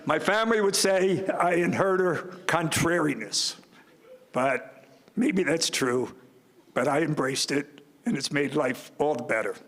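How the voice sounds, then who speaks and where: A man's voice: fairly high pitch, lively intonation, a little slow, a bit bright. An older man giving a commencement speech, telling folksy stories with self-deprecating humor from a podium. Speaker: student commencement speaker. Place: large ceremony hall. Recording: long reverb of a large hall.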